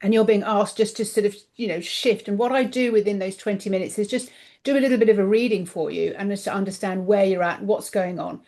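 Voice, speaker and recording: A woman guest on a podcast, chatting casually about her coaching work, animated and acting out the voices she quotes, her voice getting a little tired. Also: medium pitch, quick pace. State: voice tiring, clears throat. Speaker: guest, intuitive coach and author.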